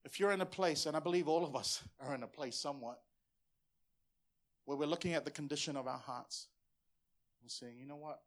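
Preaching earnestly and passionately, a Samoan pastor in his forties often repeats words while pressing a point. His voice is on the high side.

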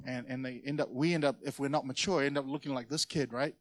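A man preaching a sermon to his church in a conversational way, with sudden loud emphases. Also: mid-range voice, fairly even intonation, fast talker, few pauses. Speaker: pastor.

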